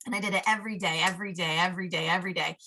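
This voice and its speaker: A woman guesting on a podcast as a life coach, telling a personal story in casual chat and acting out her inner voices in an animated way. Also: lowish voice, racing, slight background noise.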